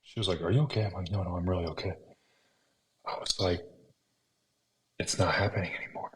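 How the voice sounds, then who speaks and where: Fast and low, with fairly even intonation, a man in his thirties tells his story earnestly as a podcast guest, whispering the thoughts he remembers having. The recording has an echoey room and faint noise.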